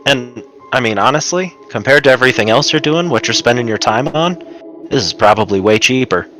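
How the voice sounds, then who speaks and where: A man's voice: mid-range voice, animated, a little fast, pushed and bright, faint music behind. A man playing a tabletop game, talking casually in character with lots of fillers. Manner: casual, filler-laden, enthusiastic. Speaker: player.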